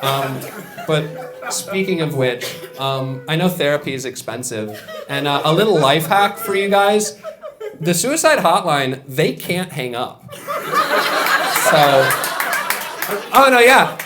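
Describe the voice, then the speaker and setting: A young man doing a stand-up set on a club stage, deadpan, with mumbled asides and loud punchlines. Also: a little high, takes it slowly, pauses often. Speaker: stand-up comedian. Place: comedy club stage with a live audience. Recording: laughing crowd in a room.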